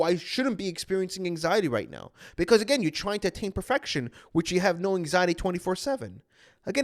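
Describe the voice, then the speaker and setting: A man in his thirties with a high, lively voice that swoops up and down as he speaks. He is an anxiety coach giving an earnest motivational talk, repeating his points and calling his listeners "guys". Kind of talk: motivational self-help talk.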